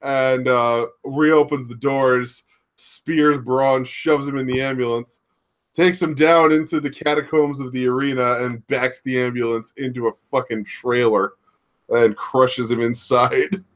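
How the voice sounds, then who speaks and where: A man's voice: medium pitch, fairly even intonation, a little slow. A man co-hosting a casual wrestling podcast, recapping a match in a rambling way with lots of fillers and restarts, laughing now and then. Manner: laughs often, acts out quoted shouts. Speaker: podcast co-host.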